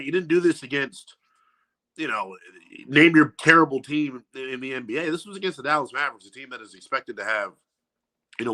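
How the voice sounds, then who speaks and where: A man's voice: medium pitch, pushed and bright. A man appearing as a guest analyst on a sports podcast, talking in a casual, slangy and emphatic way from a studio.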